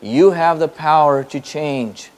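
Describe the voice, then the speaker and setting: A man's voice: on the high side, slow, a little mellow. A man giving a spoken teaching to a live audience, emphatic and repetitive, firing off rhetorical questions. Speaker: spiritual teacher. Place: hall in front of an audience.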